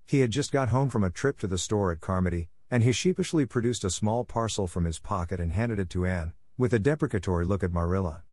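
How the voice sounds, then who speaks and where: A man reads a classic storybook in a steady, measured way, with a somewhat low voice. The sound is dry and close, with no room around it. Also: dry recording. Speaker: narrator. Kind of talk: storybook narration for learners.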